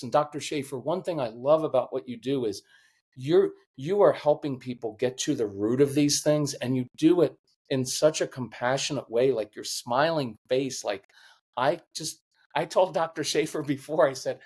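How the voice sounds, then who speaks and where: A man's voice: mid-range voice, normal speed, husky. Earnest middle-aged man, choked up. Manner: earnest, emotional, animated storytelling. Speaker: podcast guest, parenting coach. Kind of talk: conversational interview.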